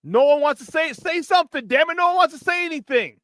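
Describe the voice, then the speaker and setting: A man's voice: extremely high pitch, lively intonation, fast talker, a bit bright, no room sound. A man hosting sports talk radio, ranting in frustration, swearing and mocking others in put-on voices. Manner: frustrated, profane, mocking impressions. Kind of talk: heated sports talk rant.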